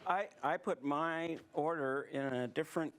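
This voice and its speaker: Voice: medium pitch, unhurried. Hesitant rambling speaker in a studio. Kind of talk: casual backstage chat.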